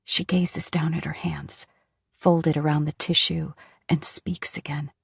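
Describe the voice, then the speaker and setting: Hushed, husky woman narrating an audiobook. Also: low voice, level tone, unhurried, no room sound, clean studio sound. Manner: hushed, often whispery delivery. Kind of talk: first-person audiobook narration.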